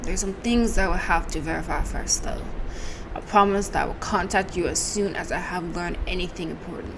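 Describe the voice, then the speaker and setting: A woman voicing a formal male doctor, attempting a German accent in a measured, halting way. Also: on the low side, background noise, close to an everyday voice. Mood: grave.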